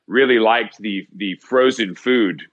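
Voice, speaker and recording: Joking man hosting, halting delivery. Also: fairly low pitch, highs cut off. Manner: joking, swearing, halting with fillers. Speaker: podcast host. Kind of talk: casual chat.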